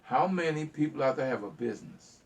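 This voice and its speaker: A man's voice: on the high side, lively intonation, brisk, creaky, distant mic. A man hosting a call-in talk show, preaching fiercely to listeners, repeating himself and stumbling over words as he gets worked up. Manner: fiery, preachy, repeats phrases and stutters when worked up. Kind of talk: impassioned call-in talk monologue.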